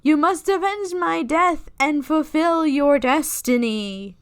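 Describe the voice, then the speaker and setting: Woman reading as a high, slow-spoken student ghost for a game playthrough. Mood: solemn. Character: solemn ghost of a dead student.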